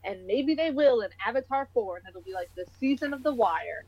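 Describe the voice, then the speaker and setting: A woman's voice: a little high, expressive, fairly quick, a crowd in the background. A young woman chatting casually as a podcast co-host, rambling and poking fun at herself. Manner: chatty, self-deprecating, rambling with restarts. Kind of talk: casual chat. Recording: dull, dry lo-fi recording.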